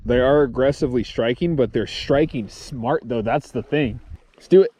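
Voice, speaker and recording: A man vlogging his solo fishing trip outdoors, talking excitedly to the camera and the fish he catches, swearing casually as he films himself. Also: medium pitch, normal speed, slight background noise. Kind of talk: excited outdoor vlog commentary. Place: outdoors on a reservoir shore.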